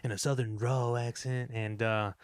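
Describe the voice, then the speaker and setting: A man's voice: mid-range voice, little pitch movement, moderate pace, clear, resonant tone, no echo, clean studio sound. A man co-hosting a movie podcast, chatting casually and rambling with lots of fillers and swearing. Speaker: podcast co-host reviewing films. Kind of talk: casual movie review chat.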